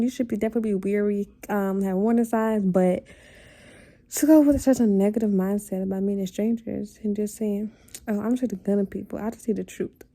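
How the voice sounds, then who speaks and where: Gravelly young woman ranting, exasperated. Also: mid-range voice, dark tone. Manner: exasperated, blunt, heavy on "like" fillers. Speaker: vlogger. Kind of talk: casual rant to camera.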